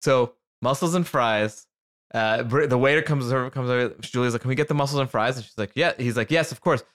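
A man hosting a casual chat, telling a comic story with lots of swearing and acting out his friends in high voices. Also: a little fast, fairly bright tone.

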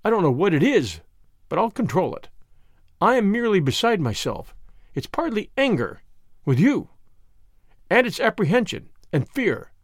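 A man's voice: high-pitched, wildly swooping pitch, a little slow, pauses often, breathy edge, no room sound, clean studio sound, pitched above the performer's own voice, full character voice. A man reading an audiobook, voicing an anxious woman who pleads urgently with a former lover in a tremulous voice. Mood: distraught.

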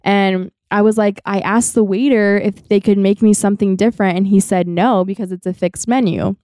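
A young woman co-hosts a podcast, recounting something from her own life in a loose, chatty style full of "like." She speaks at medium pitch and a moderate pace, with a steady, mellow tone and clean studio sound free of room noise.

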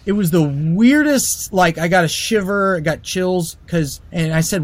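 A man telling a personal story casually, animated and full of fillers and restarts. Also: fairly high pitch, normal speed, hardly any pauses.

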